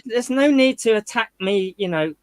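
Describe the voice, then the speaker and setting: A man's voice: high voice, lively intonation, normal speed, no room sound, rough recording. A man arguing on a live stream, smug and defensive, talking over others. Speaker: guest. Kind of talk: heated argument on a live stream.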